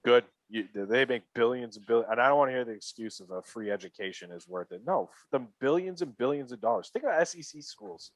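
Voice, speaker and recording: A man's voice: medium pitch, expressive, fast, hardly any pauses, no echo. A man co-hosts a casual sports podcast and gets worked up. He repeats his points and swears as he goes. The sound is dry and up close. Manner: heated, repetitive ranting. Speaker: podcast co-host.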